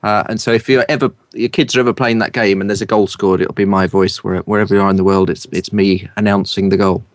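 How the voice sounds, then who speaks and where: A middle-aged English man with a low voice and a polished southern English accent, talking as an interview guest. He tells anecdotes in a lively way and laughs easily. His voice sounds close and dry, with little room around it. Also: fast, no room sound. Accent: standard southern English. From East London, England. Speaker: guest, broadcaster and speaker coach.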